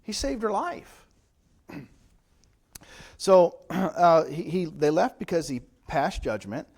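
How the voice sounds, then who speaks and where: A man's voice: on the high side, big pitch swings, slow, darkish tone. A man preaching as pastor in a church, teaching from the Bible in a conversational way and often checking in with rhetorical questions. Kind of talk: Bible study sermon.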